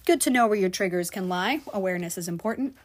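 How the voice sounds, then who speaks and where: Speaking fast and expressively in a mid-range voice, a woman who works as a restaurant server shares a personal story on her vlog. She's candid, moving between loud frustration and quiet, hushed stretches.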